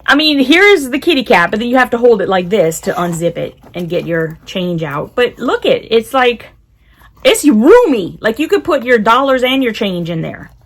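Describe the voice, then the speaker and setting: A woman's voice: mid-range voice, creaky. A woman chatting casually while unboxing, giggling often and talking to her cat. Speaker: unboxing vlogger.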